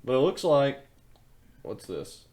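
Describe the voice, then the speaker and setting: A man's voice: medium pitch, sing-song, slow pace, a little mellow. A young man co-hosting a podcast, laid-back and casual, with offhand swearing. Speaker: podcast co-host. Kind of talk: casual chat.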